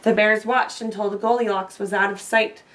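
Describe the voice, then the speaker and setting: A woman reading a children's storybook aloud, expressive and slowing down for emphasis. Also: medium pitch, a little hiss or hum. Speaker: storybook reader. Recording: voice a bit far from the mic.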